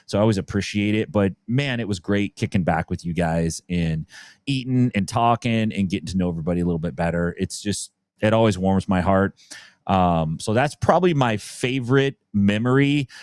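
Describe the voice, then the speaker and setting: A man's voice: fairly low pitch, normal speed, darkish tone, no echo. A man co-hosting a podcast in easygoing, chatty talk, laughing now and then. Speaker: podcast co-host. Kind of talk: casual chat.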